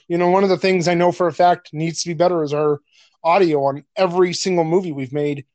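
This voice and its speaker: High-voiced blunt podcast man. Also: fairly even intonation, quick pace, darkish tone, no room sound. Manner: blunt, profane, laughs often. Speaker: podcast co-host. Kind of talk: casual chat.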